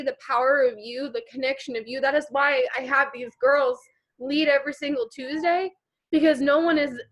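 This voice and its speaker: Teary, impassioned woman team leader, slightly high voice, motivational speech full of repetition. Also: a bit bright, poor audio. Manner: emotional, impassioned, repeating phrases for emphasis.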